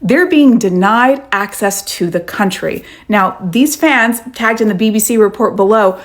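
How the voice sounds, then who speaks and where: A woman's voice: medium pitch, unhurried. A woman from the United States giving direct, indignant news commentary to camera, explaining things step by step.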